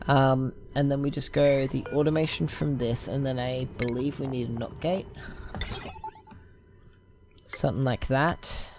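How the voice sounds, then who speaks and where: A man gives casual gameplay commentary in a mid-range voice with fairly even intonation, speaking a little slowly with long pauses over a noisy background. He rambles and thinks aloud, with lots of ums and side tangents.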